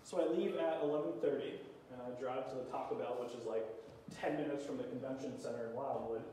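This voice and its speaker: A man's voice: medium pitch, steady tone, quick pace, dark tone, a little hiss or hum. A young man preaching a sermon in a casual, joking storytelling manner. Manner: casual, humorous anecdote-telling. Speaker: youth pastor preaching. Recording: echoey hall, mic at a distance.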